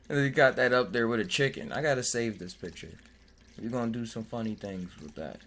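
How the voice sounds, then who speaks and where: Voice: mid-range voice, normal speed, fairly bright tone. Giggly podcast host reading aloud. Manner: jokey and giggly, stumbles over hard words. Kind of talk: casual chat, reading aloud from web pages.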